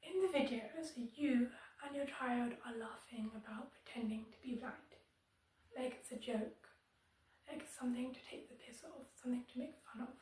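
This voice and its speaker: A woman speaks firmly and earnestly in a slightly high voice, addressing her viewers directly. The recording is very echoey, with her voice set back from the mic. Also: moderate pace, a little mellow, distant mic. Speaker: disability vlogger. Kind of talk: direct-to-camera advocacy commentary. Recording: very echoey room, voice somewhat off-mic.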